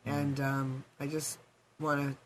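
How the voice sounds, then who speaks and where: A woman's voice: fairly low pitch, moderate pace, slight background noise. Emotional woman hosting a talk show. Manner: warm, emotional, sentimental. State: voice going hoarse. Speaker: radio talk show host. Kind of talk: radio talk show chat.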